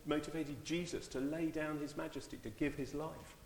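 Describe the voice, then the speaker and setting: Man giving a halting, echoey church talk. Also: on the high side, fairly even intonation, creaky, a little hiss or hum. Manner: warm, halting, repeats words. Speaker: church leader. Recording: echoey church hall, far mic.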